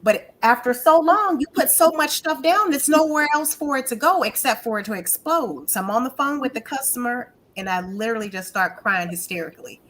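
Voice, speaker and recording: A woman's voice: fairly high pitch, animated, a little fast, hardly any pauses, fairly bright tone. A woman speaking as a guest panelist, giving emphatic personal testimony that repeats its key phrases for effect.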